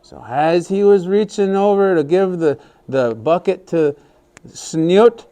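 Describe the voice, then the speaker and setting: A man telling a story to a class of young children, animated and often asking them questions. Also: sits high, slow pace.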